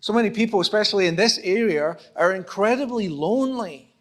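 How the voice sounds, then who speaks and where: Here a pastor from Scotland, high-voiced and animated, talks a little fast with a fairly bright tone. His sermon in the church auditorium is chatty, with small dialogues played out and jokes at his own expense.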